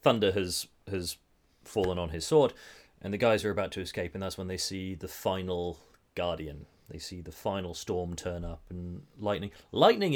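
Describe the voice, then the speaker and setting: Low-ish guy on a movie podcast, laid back, retelling scenes with little asides. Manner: chatty retelling of film scenes, quick asides. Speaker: podcast host. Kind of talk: casual film discussion podcast.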